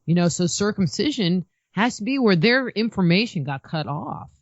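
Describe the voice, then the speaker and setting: A woman's voice: mid-range voice, expressive, moderate pace, no room sound. A woman guest on a podcast, talking casually in a rambling way full of "you know". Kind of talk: casual chat. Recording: muffled lo-fi dry sound.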